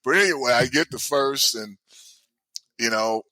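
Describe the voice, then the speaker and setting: A man in his sixties, a former ballplayer, telling stories in a casual, animated way, laughing often and acting out the people in them. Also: mid-range voice, measured pace, dry recording. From United States. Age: 60s. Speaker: guest, former baseball player. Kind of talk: casual storytelling.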